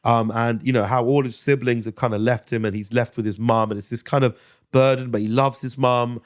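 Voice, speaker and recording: Animated, storytelling man. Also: mid-range voice, fairly quick. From Britain. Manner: animated storyteller, swears freely, slips into impressions. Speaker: guest actor and comedian. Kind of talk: casual podcast interview.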